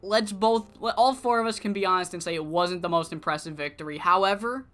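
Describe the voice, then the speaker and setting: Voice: medium pitch, fairly quick, fairly bright tone, soft background music, natural voice. A streamer voicing a confident male tag champion.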